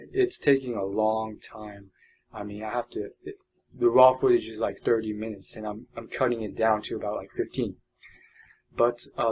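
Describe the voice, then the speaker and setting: A man's voice: mid-range voice, darkish tone, slight background noise, rough recording. A young man talking in a loose, unscripted vlog monologue, rambling with many fillers and restarts. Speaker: vlogger. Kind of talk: unedited casual vlog monologue.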